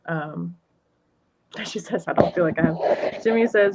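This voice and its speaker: A woman's voice: lowish voice, a little slow, very noisy. A woman giving a livestreamed energy and tarot reading, rambling with many fillers and restarts. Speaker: energy healer and tarot reader. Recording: lo-fi muffled stream audio.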